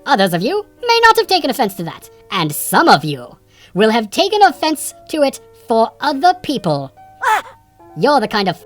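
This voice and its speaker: A man voicing a pompous puppet word expert who hosts a comedy segment, sarcastic and quick to indignant rants. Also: very high-pitched, a bit bright, heavily acted. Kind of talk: sketch comedy monologue.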